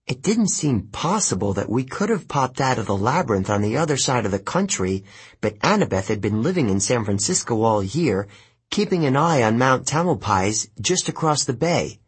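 A man reads a novel aloud as an audiobook, telling the story expressively. His voice is strongly husky and breathy. His pitch moves a lot, lifting and dropping through each sentence. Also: sing-song, normal speed. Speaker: audiobook narrator.

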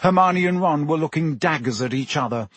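A man's voice: a little high, fairly quick, slightly rough, no echo. A man narrating a storybook aloud, telling the scene expressively. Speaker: audiobook narrator. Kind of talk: scripted narration.

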